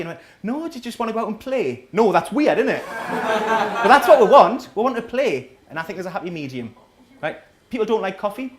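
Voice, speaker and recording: Sardonic stand-up in his thirties. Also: sits high. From North East England. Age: 30s. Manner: sardonic, chatty, keeps asking the crowd "right?". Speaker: stand-up comedian. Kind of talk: live stand-up set. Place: small coffee shop venue with a live audience.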